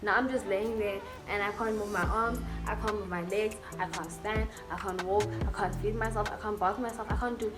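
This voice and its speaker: Young woman, storytime vlogger, mid-pitched, candid and emotional, loose casual delivery, music bed underneath. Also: steady tone, moderate pace, hardly any pauses. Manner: candid and emotional, full of 'like' and 'you know'. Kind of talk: storytime vlog, casual chat. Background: background music.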